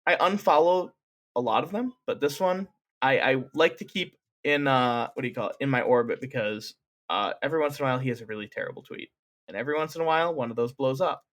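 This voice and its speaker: A man's voice: medium pitch, fast, fairly bright tone. A man co-hosting a podcast in casual chat, rambling and restarting his sentences. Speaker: podcast co-host.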